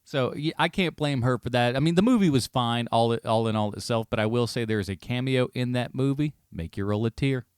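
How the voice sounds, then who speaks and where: A man's voice: medium pitch, a little fast, hardly any pauses, a little mellow, smooth, no echo, clean studio sound. Playful man bantering on a podcast. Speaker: podcast co-host. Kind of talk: casual chat.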